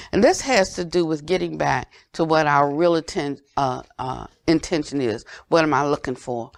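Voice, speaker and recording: An older woman teacher giving a dharma talk, earnest and gently questioning, often dropping to soft low tones. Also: normal speed, creaky, hardly any pauses, no echo, clean studio sound. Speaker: Buddhist teacher.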